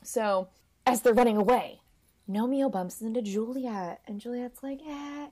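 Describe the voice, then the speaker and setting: A woman's voice: a little high, normal speed, dark tone. Playful chatty woman. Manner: chatty, playful, acts out characters in silly voices. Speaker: podcast co-host recapping a film. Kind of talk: casual chat.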